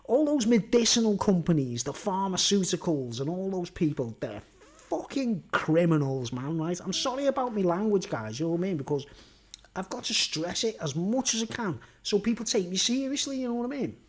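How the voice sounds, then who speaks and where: A man's voice: sits high, big pitch swings, brisk. A man talking to camera in a rambling monologue, full of tag questions like "right?" and "you know what I mean?". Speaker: vlogger.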